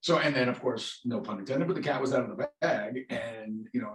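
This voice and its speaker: Man, actor guest, casual rambling chat, middle pitch, roomy echo. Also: brisk. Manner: rambling, self-interrupting storyteller with many restarts.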